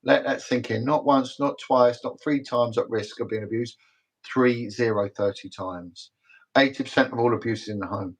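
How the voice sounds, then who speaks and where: Rambling through story after story, a middle-aged British retired detective appears as a livestream interview guest, emphatic and repetitive. His mid-range voice has a breathy edge at a normal speed, on a low-quality recording.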